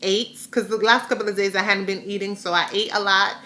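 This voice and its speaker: A woman's voice: medium pitch, level tone, fairly quick, sharp tone. A woman vlogger, mother of a grown son, candidly retelling a hard day with rambling restarts. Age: adult, has a grown son. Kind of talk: personal storytelling vlog.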